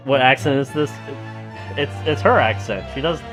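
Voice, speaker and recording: A man's voice: medium pitch, moderate pace, over music. A man casually commentating a story game, joking and laughing often. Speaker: gamer playing through a story game.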